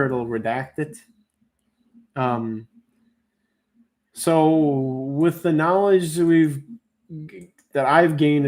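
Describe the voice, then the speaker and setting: A man of ordinary pitch runs a casual livestream auction from home, talking into a desk mic. He rambles and interrupts himself between lots, then stretches out each bid call slowly. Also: a little mellow. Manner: rambling, self-interrupting, drawn-out bid calls.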